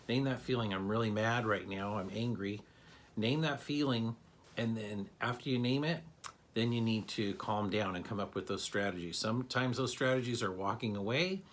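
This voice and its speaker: A man's voice: mid-range voice, a bit bright, slight background noise. A man giving morning announcements to students at an elementary school, upbeat and encouraging, a little scattered as he looks for his notes.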